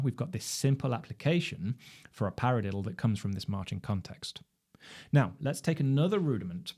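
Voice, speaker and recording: A man with a fairly low voice gives a drum lesson in a steady, explanatory way. He lays out each point carefully and raises rhetorical questions to lead the listener along. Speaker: drum instructor. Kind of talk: instructional lecture.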